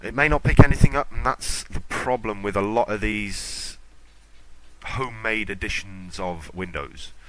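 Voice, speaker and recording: Over heavy background noise in a low-quality recording, a tech podcast host with a lowish voice talks unhurriedly. He chats casually but rambles off-topic, ranting and poking fun at himself.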